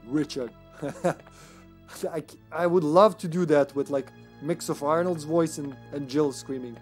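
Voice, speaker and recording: A man's voice: fairly high pitch, unhurried, faint music behind. A man streaming a video game live, chatting casually, giggling often and talking to the game and his cat. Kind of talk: casual gaming commentary.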